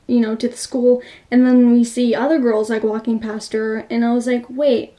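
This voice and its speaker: A woman's voice: a little high, level tone, moderate pace, mellow. A young adult woman retelling a film's plot in a casual, gushing way, full of fillers. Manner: gushing, filler-heavy storytelling. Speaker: movie reviewer. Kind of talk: casual movie recap.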